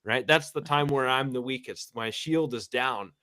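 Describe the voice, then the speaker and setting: A man's voice: medium pitch, moderate pace, sharp tone. A man speaking candidly in a conversation, impassioned and emphatic, often repeating words as he pushes his point.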